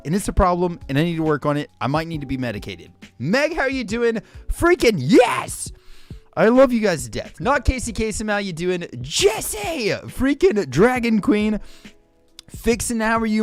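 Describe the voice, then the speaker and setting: A man hosting a livestream in casual chat, excitable and jokey, greeting viewers by name and saying "freaking" constantly. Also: high voice. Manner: excitable, says "freaking" constantly, shouts out names; jokey and hyperbolic. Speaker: livestream host.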